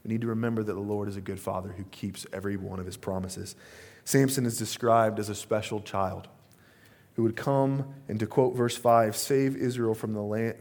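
With a lowish voice, a man in his thirties delivers a sermon as a pastor. His storytelling feels relaxed and conversational, with plenty of asides and filler words.

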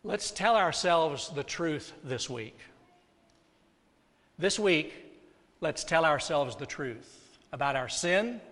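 Male pastor, slightly high voice, preaching with soft dips and loud peaks in a reverberant sanctuary. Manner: dynamic preaching, drops soft then rises loud. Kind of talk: sermon. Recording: long hall reverb.

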